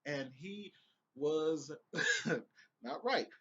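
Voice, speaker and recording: A man's voice: on the high side, lively intonation, extremely slow, bright, forceful tone, husky, highs cut off. A young man giving casual, profane, rambling commentary on a TV episode he just watched, with laughing asides. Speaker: vlogger reviewing a TV episode.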